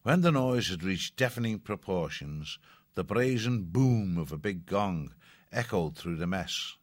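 A man narrating an audiobook in a steady, descriptive way. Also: low-pitched, unhurried.

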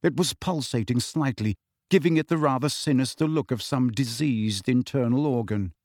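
A man's voice: medium pitch, normal speed, a little mellow, no echo. Man narrating a storybook, dry and close. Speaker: audiobook narrator. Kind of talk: scripted fantasy novel narration.

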